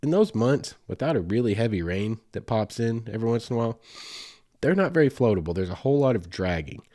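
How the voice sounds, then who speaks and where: A Southern US man in his forties hosts a podcast, spinning a loose, casual story packed with asides and fillers. His mid-range voice is mellow yet very animated, and he talks fast. The recording is studio quality with no room sound.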